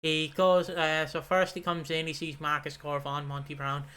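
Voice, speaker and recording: Bright-voiced swearing podcast co-host man. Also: fairly high pitch, level tone, clean tone. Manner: swearing, rambling, quick asides. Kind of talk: casual chat.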